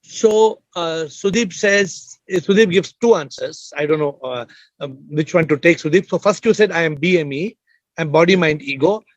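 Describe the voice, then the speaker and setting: Man, high voice, host of an online Q&A, probes and repeats questions; slightly muffled, dry sound. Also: moderate pace, no echo. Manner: probing, repeats questions, jokes lightly. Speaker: host of an online spiritual Q&A session. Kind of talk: questioning participants on a video call. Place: video call.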